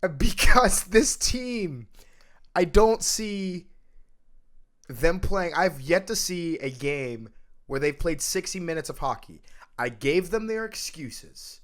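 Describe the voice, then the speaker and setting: A man hosting a casual sports podcast, ranting emphatically and swinging between loud outbursts and low mutters. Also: lively intonation, slow. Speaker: podcast host.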